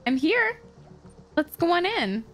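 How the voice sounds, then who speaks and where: A woman's voice: very high voice, sing-song, slow pace, fairly bright tone, faint music behind, pitched above the performer's own voice, exaggerated voice. A woman voicing a cheerful teenage girl from her life-sim game, breezy and bubbly.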